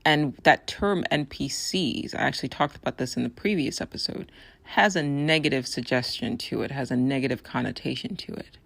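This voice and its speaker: A woman hosting a solo podcast, talking in an earnest, persuasive way with a raspy, hoarse voice. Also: rumbling low, normal speed, fairly bright tone, no echo. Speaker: podcast host.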